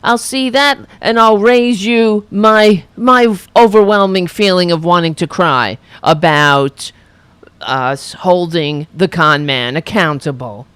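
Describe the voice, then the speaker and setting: A woman's voice: fairly low pitch, slow pace, a bit bright, clean tone, dry recording. A woman hosting her own political commentary show, delivering a mocking, blunt rant.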